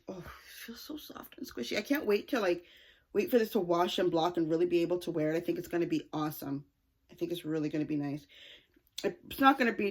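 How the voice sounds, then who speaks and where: A woman's voice: fairly low pitch, a little mellow. A woman hosting a knitting podcast, chatting cheerfully and correcting herself as she shows her projects to the camera. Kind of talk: casual chat showing knitting projects.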